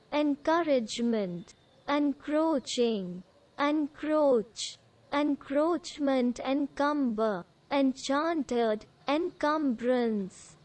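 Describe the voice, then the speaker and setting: A woman reads an English word list aloud, one word at a time, with a pause after each. Her voice sits high, and she goes very slowly and deliberately, like a vocabulary drill. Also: a little mellow, rough recording. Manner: says single words one at a time with pauses.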